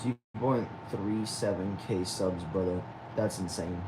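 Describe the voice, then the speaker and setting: A man's voice: deep voice, a little slow, background noise. A young man from Texas, hosting a casual livestream and answering viewer comments aloud. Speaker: livestream host.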